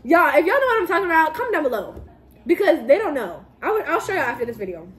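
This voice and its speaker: A woman's voice: high-pitched, sing-song, fast, a bit bright. A young woman chatting to camera during a soda challenge, giggly and playful, talking to her viewers with lots of "y'all" and burping from too much soda. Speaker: vlogger doing a soda challenge. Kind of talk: casual chat to camera. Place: house, indoors.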